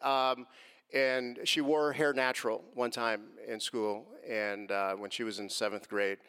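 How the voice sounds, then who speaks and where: A middle-aged man giving an earnest answer to a question on faith and race, moving from quiet reflection to impassioned emphasis. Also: mid-range voice, flat delivery, unhurried, clean tone. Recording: long hall reverb.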